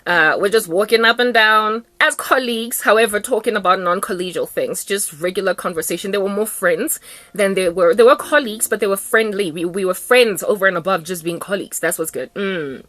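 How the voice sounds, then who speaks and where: A woman's voice: medium pitch, a little fast, fairly bright tone, no echo. A young South African woman ranting in a sassy, emphatic, theatrical way in a casual vlog monologue. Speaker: Christian vlogger.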